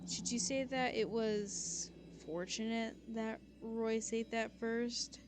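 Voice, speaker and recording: A woman streamer giving casual, crude, excitable commentary over a game. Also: fairly high pitch, slow pace, background noise.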